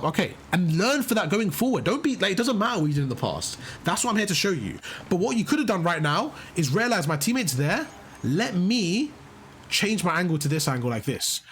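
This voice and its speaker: This gaming coach has a high, somewhat bright voice, with a faint hiss or hum in the recording. Coaching live over gameplay, he walks the player through things step by step, offering encouragement and frequently saying the same thing twice.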